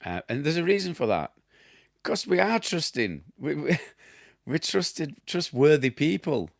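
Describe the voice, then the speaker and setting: This middle-aged Yorkshireman, once a plasterer and now a damp specialist, takes viewer questions in a relaxed chat, wandering off topic, chuckling at himself and losing the thread. His voice sits on the high side with vocal fry, very animated but unhurried. The recording is dry and studio-clean.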